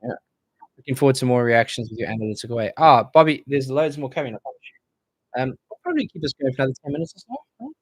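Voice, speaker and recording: A man's voice: mid-range voice, lively intonation, racing, breathy edge, no echo. A man hosting a casual live-stream Q&A, reading viewer comments aloud and bantering about them.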